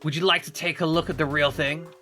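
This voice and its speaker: A man voicing a scheming male mad scientist officer in an overdone mock-German accent, speaking slowly and theatrically. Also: fairly high pitch, steady tone, bright, forceful tone.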